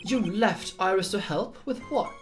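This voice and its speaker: A woman voicing a stern male prosecutor, reading game dialogue with measured, formal questioning. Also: mid-range voice, soft background music, natural voice.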